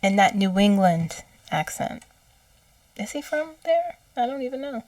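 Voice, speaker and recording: A woman recounting channeled messages in a casual, halting way, with frequent fillers and quoted lines. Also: fairly high pitch, big pitch swings, a little mellow, no echo, recorded from a distance. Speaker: psychic channeler.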